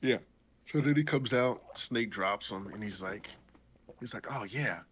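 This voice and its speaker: A man hosting a podcast, retelling a story in a casual, animated and jokey way. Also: medium pitch, unhurried, slight background noise. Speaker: podcast host.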